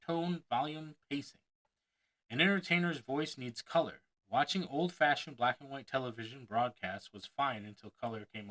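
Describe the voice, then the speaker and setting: Man, bright and forward tone, reads a how-to book aloud and adds unscripted side remarks. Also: medium pitch, low-quality recording. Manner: expressive reading that breaks off to comment on his own slips. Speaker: reader of a self-help book on performing. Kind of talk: reading a book aloud with off-the-cuff asides.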